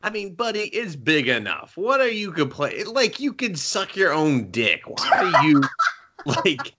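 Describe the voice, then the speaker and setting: A man co-hosting a casual podcast chat, talking in an animated way with lots of swearing and mocking put-on quotes. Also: a little high, moderate pace, noisy background. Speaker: podcast co-host.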